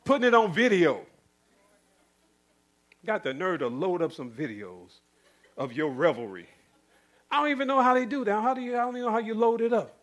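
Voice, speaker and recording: A male preacher delivering a sermon, firing rhetorical questions at the congregation, chuckling and swinging between loud and hushed. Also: high voice, sing-song, a little fast, pauses often, highs cut off.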